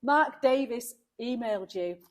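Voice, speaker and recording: A woman's voice: fairly high pitch, expressive, a little slow. A woman vlogging a car restoration, chatting emotionally and laughing often. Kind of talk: casual chat to camera.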